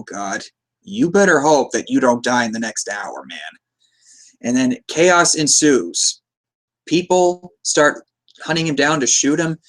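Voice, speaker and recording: A podcast host with a medium-pitched, slightly bright voice recaps a movie casually and ramblingly, chuckling often and slipping into quoted lines.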